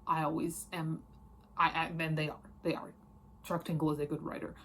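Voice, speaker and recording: Low-voiced young midwestern woman rambling about books, lots of likes and ums, faint hiss behind. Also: little pitch movement, fairly quick. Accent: Midwestern American. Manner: chatty, rambling, lots of fillers and laughs. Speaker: book reviewer. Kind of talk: casual book wrap-up chat.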